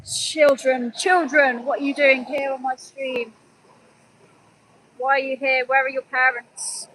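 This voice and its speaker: Bright-voiced woman, earnest activist streamer. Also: sits high, level tone, a little slow, a little hiss or hum, low-quality recording. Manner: earnest, pleading and scolding, softly addresses animals. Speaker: animal rights activist livestreamer. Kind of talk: live stream commentary.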